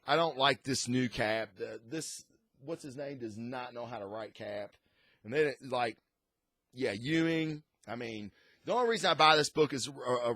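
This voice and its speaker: A man's voice: mid-range voice, fairly bright tone, dry recording. Man, casual comic review chat, enthusiastic rambling, dry close-miked voice. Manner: rambling and enthusiastic, frequent restarts. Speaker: comic book reviewer, show host.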